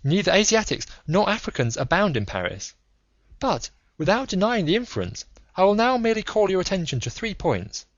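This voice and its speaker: A man voicing a calm, analytical male detective who lectures in a measured, methodical way, in an audiobook reading with a dull, dry sound. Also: high-pitched, no echo, voice pushed up, full character voice. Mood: lecturing.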